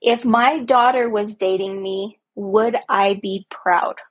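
Woman, podcast host, husky voice, unhurried, earnest reflective monologue. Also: mid-range voice, fairly even intonation. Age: young adult to middle-aged, a parent. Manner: earnest, slow and heartfelt, with emphatic repetitions.

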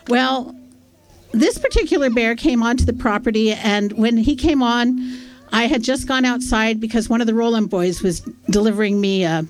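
A woman's voice: fairly high pitch, moderate pace. A woman telling a casual, self-deprecating anecdote on stage at a storytelling festival, chatty and full of fillers.

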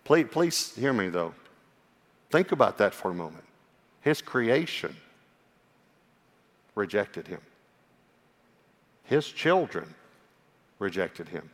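A man preaching a sermon as a pastor, earnest and personal, sometimes dropping to a hushed voice for emphasis. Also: fairly low pitch, very animated, slow pace, long pauses. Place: church. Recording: long hall reverb.

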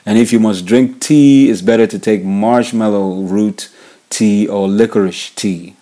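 A man's voice: lowish voice, a little slow, dark tone. A man from Nigeria with a Nigerian accent, hosting a worship leader podcast and giving casual advice, often repeating his key points. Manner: repetitive, restates key points, frequent fillers. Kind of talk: casual instructional talk.

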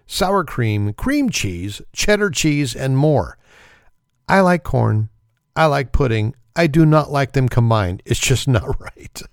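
Guy hosting a podcast, sarcastic and chuckly, mid pitch, dry close sound. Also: dry recording. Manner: wry, sarcastic, laughs often. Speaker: podcast host. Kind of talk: casual comedic chat.

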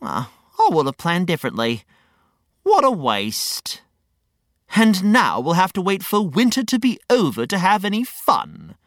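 A woman's voice: on the low side, big pitch swings, a little slow, no room sound, studio quality. A woman voicing a pompous, grumpy older male know-it-all with a huffy manner. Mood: indignant.

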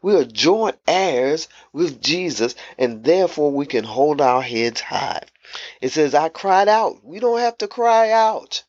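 Slow-speaking man preaching a devotional. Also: a little high, very animated, darkish tone, no room sound, muffled recording. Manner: slow, emphatic, repeating phrases. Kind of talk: devotional sermon.

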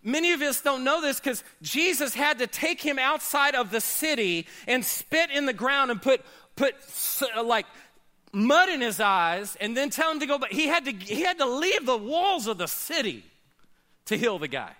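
Pastor, male, high bright voice, dynamic sermon delivery with loud peaks and hushed drops. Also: very animated, moderate pace. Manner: dynamic preaching, swinging between loud high bursts and low quiet asides.

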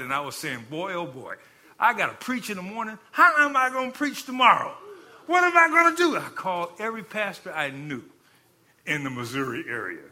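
A male pastor and hospital chaplain telling a personal story in a sermon, swinging from quiet, low passages to loud, fervent peaks. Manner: dynamic, rising to loud fervent peaks then dropping low.

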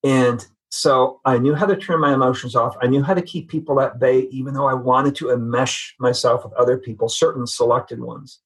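A man's voice: mid-range voice, fairly even intonation, moderate pace, hardly any pauses, breathy edge, low-quality recording. A man giving an earnest, reflective personal testimony as a guest in a conversation. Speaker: podcast guest.

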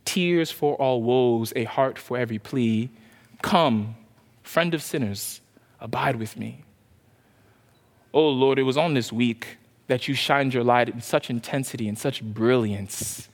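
A male pastor preaching a sermon with passion, then leading a soft, slow prayer. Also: mid-range voice, in a large hall.

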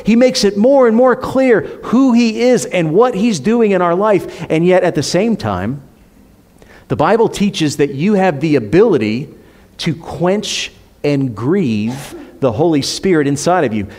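A man preaching a sermon to a congregation, emphatic, climbing on rhetorical questions and dropping soft for effect. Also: high-pitched, big pitch swings, a little slow. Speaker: pastor. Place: church.

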